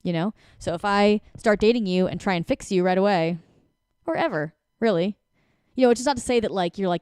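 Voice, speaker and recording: A woman in her forties giving casual relationship advice as a coach, talking in an animated way and breaking into quick acted-out voices. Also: mid-range voice, smooth, dry recording, studio quality.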